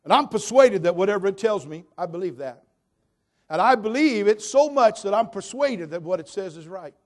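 An older man from California preaching a sermon in a slightly raised voice. He climbs to loud, emphatic peaks and then drops into quiet, low asides. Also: lively intonation, normal speed. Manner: swings from loud emphatic build-ups to soft, low asides.

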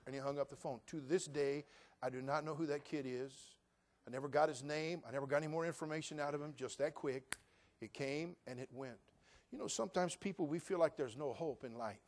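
A middle-aged pastor with a medium-pitched voice preaches fairly quickly. He moves from a quiet narrative voice up to loud, rising pronouncements, reciting scripture in old-fashioned language.

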